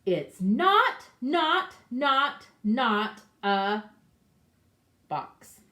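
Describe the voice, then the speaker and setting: A woman voicing a stubborn, imaginative little boy rabbit in a storybook, insisting in slow, drawn-out words. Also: medium pitch, wildly swooping pitch, a bit bright, reverberant, exaggerated voice. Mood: insistent.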